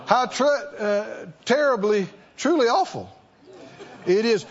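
A man's voice: sits high, expressive, slow, dull audio. A man preaching a sermon, throwing rhetorical questions at the congregation and calling for responses.

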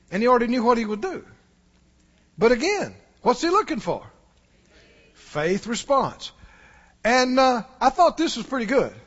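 High-voiced preacher in a hall. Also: male voice. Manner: folksy, acts out quoted voices. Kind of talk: sermon. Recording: muffled recording in a reverberant hall.

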